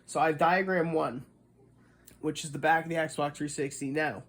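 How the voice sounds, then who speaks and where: A man's voice: on the high side, steady tone, moderate pace. A man from the Boston area ranting casually, profane and rambling, restarting as he explains. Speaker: streamer.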